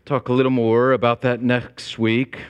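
A man preaching a sermon as pastor, climbing to emphatic high peaks and then dropping low and quiet. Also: flat delivery, normal speed, smooth, muffled recording. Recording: long reverb of a large hall.

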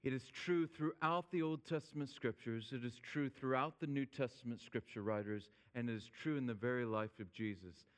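A man preaching a sermon, speaking emphatically and slowing down when he quotes scripture. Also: medium pitch, clean tone, big-room sound. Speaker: pastor.

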